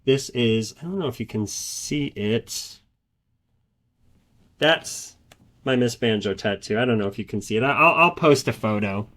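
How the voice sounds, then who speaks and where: A man's voice: medium pitch, lively intonation, measured pace, a bit bright. Rambling, earnest man hosting a podcast. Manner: rambling, personal storytelling with many repeated words and restarts. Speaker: podcast host. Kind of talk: casual podcast monologue.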